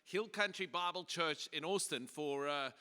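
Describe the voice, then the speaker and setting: A man's voice: a little high, normal speed, bright, forceful tone, clean tone. A South African man who pastors a church, giving a joking conference talk with lots of fillers and restarts. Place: large conference hall. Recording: echoey hall PA.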